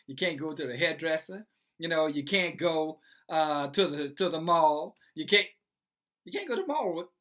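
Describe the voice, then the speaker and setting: A preachy online commentator reads news aloud and breaks off to argue with it. The delivery is lively, and the pitch leaps up and down. The tone is bright and cutting, and the talk is packed with sarcastic rhetorical questions. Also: moderate pace.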